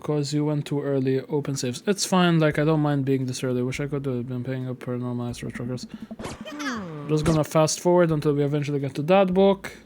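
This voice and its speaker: A man's voice: fairly high pitch, fairly even intonation, a little fast, a little mellow, slight background noise. A young man streaming a game, chatting casually and reading its text aloud, swearing now and then. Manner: casual, swears, reads in a rush.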